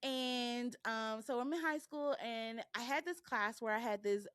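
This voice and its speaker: A woman co-hosting a podcast, telling a story in a casual, animated way and laughing as she goes. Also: on the high side, unhurried, clear, resonant tone, no echo, clean studio sound. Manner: animated, acts out the people in her stories; laughs through her own story. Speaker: podcast co-host.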